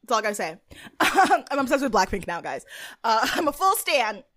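A woman's voice: fairly high pitch, very animated, normal speed, a bit bright. A woman co-hosting a podcast, chatting casually about a TV show, bubbly, laughing often and swearing casually. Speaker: podcast co-host. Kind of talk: casual chat recapping a TV show.

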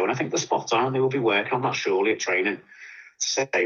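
A man's voice: on the low side, quick pace, husky, lo-fi sound. A man giving opinionated, rambling football punditry in casual chat. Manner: opinionated, animated, rambling with restarts.

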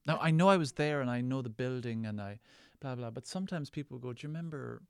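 Irish male actor guest, gravelly, self-deprecating storyteller, dry close sound. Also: medium pitch, expressive, fast, no room sound. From Ireland. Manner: rambling, wry, self-deprecating, with restarts. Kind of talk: casual interview storytelling.

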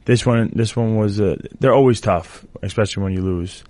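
A man, a fighter guest in an interview, speaking haltingly and getting choked up. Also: fairly low pitch, a little mellow, no room sound. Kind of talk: casual interview talk.

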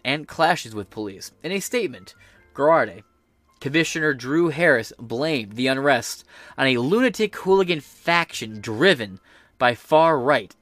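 A man's voice: medium pitch, a bit bright, no room sound. A man hosting a podcast, giving a profane, sarcastic, rambling rant of political commentary. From United States. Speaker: podcast host.

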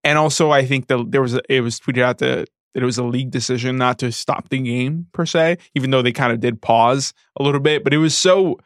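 A male co-host recounting what he saw, halting and hunting for his words, with plenty of fillers. His voice is mid-pitched and recorded dry and close. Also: no room sound. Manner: halting, searching for words, many "like"s. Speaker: podcast co-host. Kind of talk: casual sports chat.

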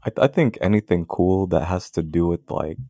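A man's voice: sits low, a little fast, dark tone, dry recording, studio quality. A young man co-hosting a casual podcast chat, laid back and laughing often. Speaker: podcast co-host.

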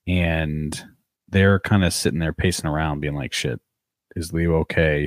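A man's voice: very deep voice, dry recording, clean studio sound. A man co-hosting a podcast, recapping a cartoon episode in casual chat, swearing freely as he tells it. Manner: swears casually, animated storytelling. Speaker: podcast co-host.

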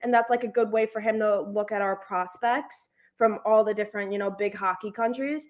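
A young woman co-hosting a casual podcast chat, telling animated stories and acting out what people said. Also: mid-range voice, fairly quick. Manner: animated storyteller acting out quotes. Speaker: podcast co-host.

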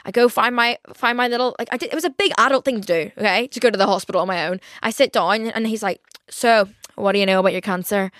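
A woman's voice: on the high side, fast, hardly any pauses, fairly bright tone, no room sound, clean studio sound. A young woman chatting on her own podcast, rambling with lots of "like" fillers and frequent swearing. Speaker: podcast host. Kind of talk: casual solo podcast chat.

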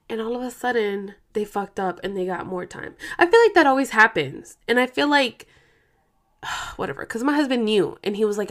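A woman's voice: mid-range voice, expressive, moderate pace, a bit bright. A young woman, ranting casually to her viewers at home, rambling and profane. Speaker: vlogger.

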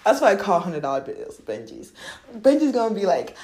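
A woman's voice: mid-range voice, big pitch swings, brisk, darkish tone, echoey room. A woman hosting a podcast in casual spiritual talk about money, slangy and profane, laughing often and acting out voices. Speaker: podcast host.

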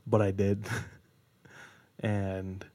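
A man's voice: lowish voice, monotone, very slow, a little mellow. A young man co-hosting a podcast, telling a rambling personal story with frequent laughs. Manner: laughs often, rambling, says dude. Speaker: podcast co-host. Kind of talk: casual chat, personal anecdote.

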